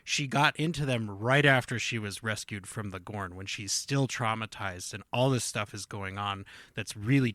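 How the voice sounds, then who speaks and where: A man co-hosting a podcast in casual chat, enthusiastic and quick to laugh. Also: mid-range voice, pushed and bright, no room sound. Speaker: podcast co-host.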